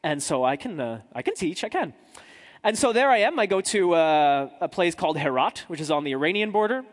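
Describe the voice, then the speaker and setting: A man's voice: on the high side, sing-song, fairly quick, long reverb tail. A man, a journalist, telling a humorous story to a live audience in a chatty, self-deprecating way with asides to the crowd.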